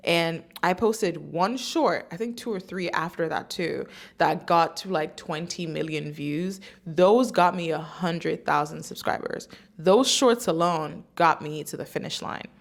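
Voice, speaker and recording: A woman's voice: fairly low pitch, unhurried, gravelly. A woman in her twenties, a vlogger, talking casually to camera and sprinkling her speech with "like.". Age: 20s. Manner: chatty, peppered with "like". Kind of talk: casual talking-head vlog.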